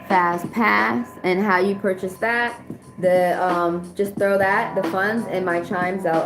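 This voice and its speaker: American woman, livestream tarot host, blunt and salty, echoey room, music underneath. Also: medium pitch. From United States. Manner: blunt, profane, rambling advice. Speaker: tarot reader hosting a livestream. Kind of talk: casual livestream chat.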